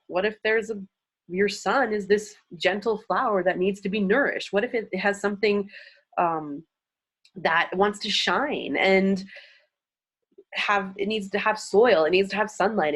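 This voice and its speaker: A woman gives a casual lesson from slides in a mid-pitched voice. Her delivery is chatty and animated, with sudden upward lifts in pitch. She laughs often as she explains. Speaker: astrology teacher.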